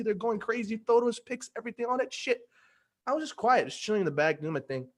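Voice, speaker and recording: A young man telling a story in casual conversation, slangy and animated, acting out what people said. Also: sits high, fast talker. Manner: slangy, animated, acts out quoted dialogue. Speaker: guest giving a testimonial.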